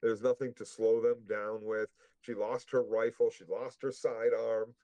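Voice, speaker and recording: A man's voice: fairly low pitch, flat delivery, a little slow, warm tone, no room sound, low-quality recording. Blunt swearing man in a recap chat. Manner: rambling, heavy swearing, blunt. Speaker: podcast co-host.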